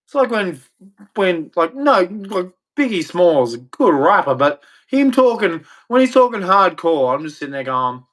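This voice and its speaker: A middle-aged man, his voice sitting a bit high, hosts an opinionated rant. He talks bluntly and mockingly, slipping into voices to act out the people he mocks. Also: very animated, unhurried, fairly bright tone. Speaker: host.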